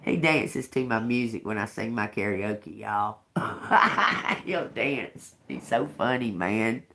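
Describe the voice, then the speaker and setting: A woman's voice: a bass voice, lively intonation, takes it slowly, a bit bright. A woman doing a casual live tarot reading, talking loosely, restarting phrases and swearing now and then. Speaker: tarot reader.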